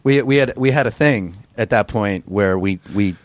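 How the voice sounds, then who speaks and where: A man who is a musician, telling stories in a casual interview, rambling and profane with a gruff voice. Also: lowish voice, moderate pace, no echo. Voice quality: gruff singer's voice. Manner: rambling, profane, self-deprecating storyteller. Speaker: musician guest.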